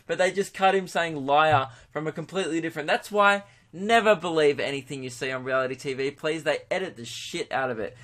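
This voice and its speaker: A man's voice: on the high side, a little fast, fairly bright tone. A young Australian man hosting his own podcast, rambling and crude, poking fun at himself. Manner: rambling, crude, self-mocking. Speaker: podcast host. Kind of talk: casual podcast monologue.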